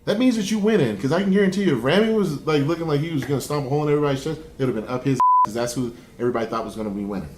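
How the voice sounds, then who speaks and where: A man being interviewed as a competitive bodybuilder, telling his story in a lively, profane way and acting out what he said back then. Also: medium pitch, rapid-fire, few pauses, noisy background. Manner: lively and profane, acts out his own past lines. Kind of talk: animated storytelling in conversation. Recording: roomy echo.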